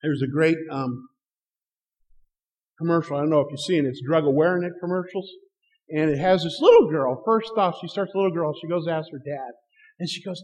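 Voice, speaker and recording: A man's voice: fairly high pitch, fairly quick, darkish tone. A middle-aged man preaching a sermon, telling stories and acting out the dialogue with chuckles. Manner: storytelling with acted-out dialogue and chuckles. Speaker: pastor. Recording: long hall reverb.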